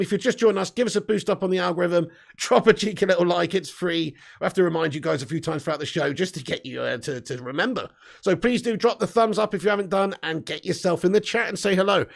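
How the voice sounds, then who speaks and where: A man in his thirties hosting a live football fan stream, joking, laughing and shouting out viewers. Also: sits high, gravelly. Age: 30s. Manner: laughing, jokey, loud shout-outs. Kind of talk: casual live-stream banter.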